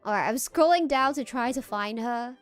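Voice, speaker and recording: A woman's voice: fairly high pitch, expressive, normal speed, smooth, soft background music. An American woman streaming, reacting to videos in playful, meandering casual commentary. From United States.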